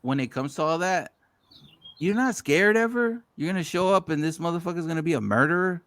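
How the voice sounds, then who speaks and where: A man with a slightly high, lively voice, brisk and fairly bright, hosts a podcast with no room sound in the recording. Telling stories casually, he swears freely and acts out what others said.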